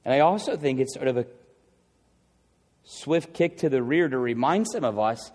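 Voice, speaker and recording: A man preaching a sermon, earnest and pleading, dropping from loud, fast lines to hushed ones. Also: on the high side, big-room sound.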